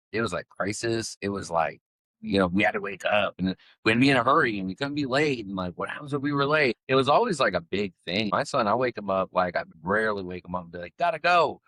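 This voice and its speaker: Middle-aged man, low voice, dry close sound, casual podcast chat, rambling stories. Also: a little fast, a bit bright, no echo. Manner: rambling storyteller, many fillers. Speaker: podcast co-host.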